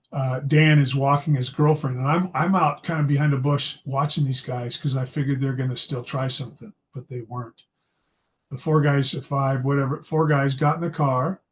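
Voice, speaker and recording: With a mid-range voice and a little hiss or hum on the recording, a storyteller and psychology video host from Idaho, USA, shares a casual school-days story. He is anecdotal and self-deprecating throughout.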